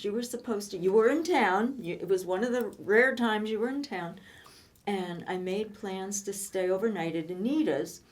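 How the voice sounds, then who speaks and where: A woman in her seventies reminiscing in casual chat, telling lively stories and laughing often. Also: medium pitch. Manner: animated storytelling, laughs often. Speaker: co-host.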